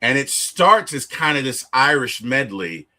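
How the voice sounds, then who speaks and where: A man in a casual film discussion, retelling scenes with lively storytelling and acting out the characters' lines. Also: mid-range voice, measured pace. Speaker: movie reviewer.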